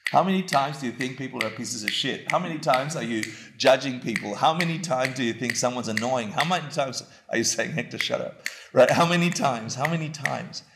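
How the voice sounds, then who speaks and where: Man, dharma teacher, gravelly voice, self-mocking chatty talk, echoey room. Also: medium pitch, brisk, background noise. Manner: conversational and self-mocking, asks the audience questions.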